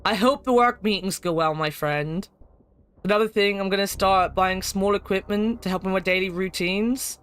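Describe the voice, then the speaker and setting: A woman's voice: medium pitch, normal speed, a bit bright, smooth. A young adult woman streaming a game, chatting casually with viewers and laughing often. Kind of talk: casual gaming commentary.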